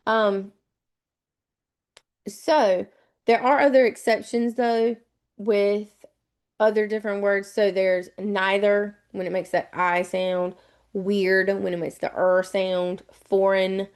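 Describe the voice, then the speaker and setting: Southern US woman, test prep tutor, chatty, repeats each step, mid-pitched. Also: darkish tone, clear, resonant tone. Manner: chatty, repetitive step-by-step explaining. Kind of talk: live online webinar lesson.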